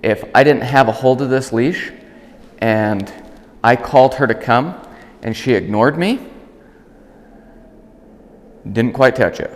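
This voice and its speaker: A man working as a dog trainer, calmly explaining an outdoor training demonstration and breaking off to call and praise the dog. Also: measured pace, big-room sound. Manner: calm explaining, bursts of high praise calls to the dog.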